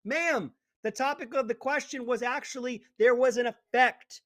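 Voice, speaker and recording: Indignant high-voiced talk host. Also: male voice, fairly even intonation, normal speed, fairly bright tone, dry recording, studio quality. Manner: indignant, sarcastic rant. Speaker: radio talk show host. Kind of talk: opinionated talk radio monologue.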